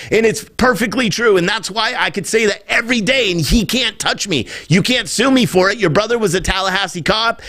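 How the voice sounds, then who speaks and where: A man's voice: sits high, a bit bright. A man hosting a podcast, ranting in heated, profane political commentary, openly irritated. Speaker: podcast host.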